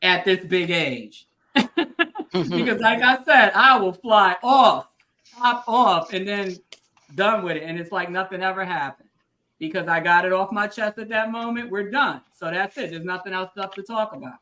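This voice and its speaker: Bright-voiced woman hosting a live chat. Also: medium pitch, normal speed. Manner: chatty, freestyling, laughs often. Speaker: host. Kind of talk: casual live-stream chat.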